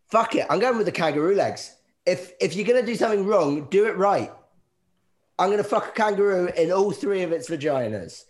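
A man's voice: sits high, expressive, fairly quick. A man hosting a comedy podcast in casual chat, playful and often laughing. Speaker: podcast host.

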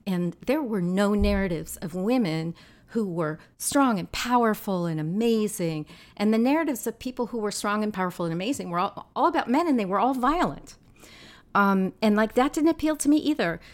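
A woman in her sixties, a filmmaker and activist talking as a guest in a casual interview, telling lively anecdotes. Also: mid-range voice, moderate pace. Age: 60s. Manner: lively storyteller, animated anecdotes.

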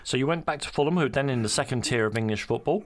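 A man's voice: mid-range voice, very fast. A man hosting an interview, asking questions hesitantly with frequent ums and restarts. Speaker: interviewer host.

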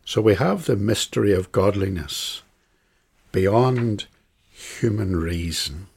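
A man teaching a catechism class on a bible passage, speaking in a measured, emphatic way and repeating phrases for stress. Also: on the low side, animated, gravelly, a little mellow, husky.

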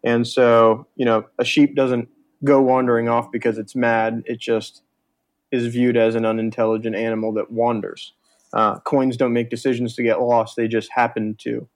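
A man with a Northern US accent explains ideas thoughtfully, pausing on fillers. His delivery is flat and even, mid-pitched. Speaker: guest. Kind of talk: casual chat.

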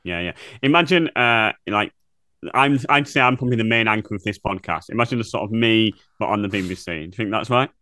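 A man's voice: fairly low pitch, fast, bright, forceful tone, dry recording, studio quality. A man co-hosting a podcast in casual comedic chat, playful and teasing. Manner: playful, teasing, laughs often. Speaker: podcast co-host.

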